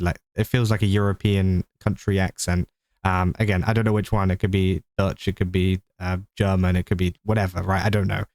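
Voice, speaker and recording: A man's voice: on the low side, darkish tone, no echo. A young British man casually commenting on clips, rambling with lots of fillers and restarts.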